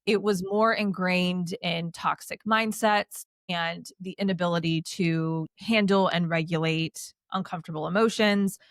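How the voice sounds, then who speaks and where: A woman's voice: lowish voice, a little slow, few pauses, dry recording, clean studio sound. A woman in her thirties, a podcast guest, telling her story in a casual, chatty way, peppering her speech with "like" and dropping in sarcastic asides. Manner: chatty, heavy use of "like", animated with sarcastic asides.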